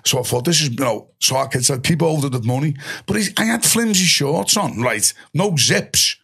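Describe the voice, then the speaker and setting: Brief: middle-aged Liverpool man, gravelly and husky, animated storyteller who swears and does his mates' voices. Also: a little high, moderate pace. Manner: animated, swears freely, acts out voices of friends. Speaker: guest. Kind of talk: storytelling in casual chat.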